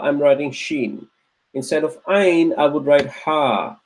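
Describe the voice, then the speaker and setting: A man's voice: on the high side, a little hiss or hum. A man teaching an Arabic grammar class, patiently repeating words aloud and checking that his students are following. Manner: patient, drills words by repeating them slowly.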